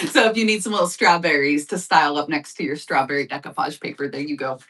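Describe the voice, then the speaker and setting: Bright-voiced chatty woman hosting a live sale. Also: sits low, steady tone, a little fast, recorded from a distance. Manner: chatty and upbeat, addresses viewers as y'all. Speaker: live shopping host. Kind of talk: casual live-stream sales chat.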